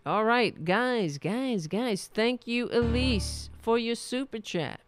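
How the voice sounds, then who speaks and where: A woman's voice: on the high side, animated, slow, creaky, dry recording. A woman hosting a political livestream, ranting with passion, swearing freely and reading viewers' chat comments. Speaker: political talk show host.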